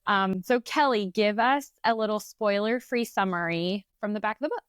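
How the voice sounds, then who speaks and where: A bubbly woman co-hosts a casual book podcast and laughs easily. Her pitch is mid-range. The sound is dry and close to the mic. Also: normal speed, clear, resonant tone, no room sound. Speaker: podcast co-host.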